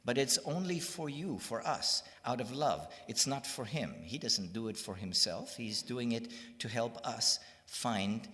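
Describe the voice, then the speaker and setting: A man's voice: mid-range voice, measured pace, few pauses. An older man from California, telling stories and teaching in a satsang, in a reverberant hall. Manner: animated storyteller. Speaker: spiritual teacher. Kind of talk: satsang storytelling.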